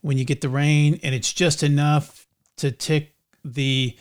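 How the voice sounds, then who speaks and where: A man's voice: on the high side, level tone, unhurried, clear, resonant tone. A middle-aged man from North Carolina, co-hosting a podcast in a rambling, casual way, full of fillers and restarts. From North Carolina, USA. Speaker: podcast co-host. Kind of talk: casual chat.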